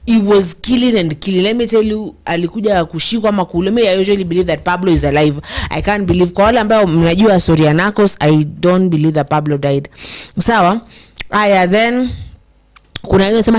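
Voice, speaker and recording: Emotional Kenyan woman hosting commentary. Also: mid-range voice. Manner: code-switches English and Swahili, emotional, slows to stress words. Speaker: show host reading viewer comments. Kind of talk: casual commentary.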